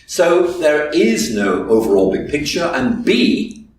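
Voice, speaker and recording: A man lectures to an audience, stressing each numbered point with a lively, rising and falling voice. He is heard from a distance in a strongly reverberant hall. Steady background noise sits under the voice. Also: a little high, slow. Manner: emphatic, lays out numbered points. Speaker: guest lecturer. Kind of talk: academic lecture. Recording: echoey hall from far off with noise.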